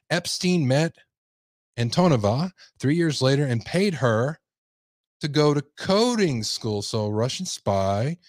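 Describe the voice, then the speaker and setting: A man's voice: medium pitch, darkish tone, no room sound, clean studio sound. A male podcast host who reads news articles aloud and breaks in with sarcastic asides. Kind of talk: reading news aloud with commentary.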